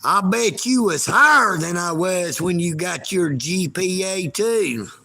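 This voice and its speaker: A man's voice: sits high, animated, slow pace, vocal fry, pushed and bright. A man, ranting on a livestream in a folksy, taunting way and talking about himself in the third person. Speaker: live streamer. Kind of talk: livestream rant.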